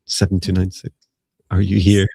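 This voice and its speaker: Gravelly low-voiced man joking on a live stream. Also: monotone, warm tone, no echo, clean studio sound. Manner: playful and joking, with quick teasing asides. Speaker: psychic mentor co-hosting a live reading stream. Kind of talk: casual live-stream chat.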